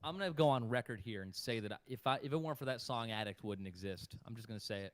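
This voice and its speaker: A man's voice: medium pitch, fast talker, background noise. A man who works as a voice actor, chatting casually on a livestream, swearing now and then and laughing often. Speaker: voice actor guest.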